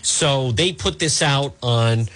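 A man's voice: medium pitch, takes it slowly, background noise. A man hosting a talk show, giving casual political commentary in a rambling way, with many fillers and restarts. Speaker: radio talk show host.

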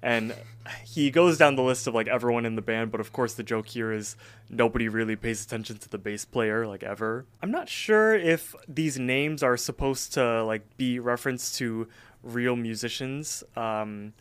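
A man co-hosts a casual podcast and recaps a cartoon episode scene by scene. His voice is smooth and resonant and sits at a middle pitch. He rambles loosely and fills gaps with "like" and "um". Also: moderate pace. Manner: rambling, filler-heavy retelling. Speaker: podcast co-host.

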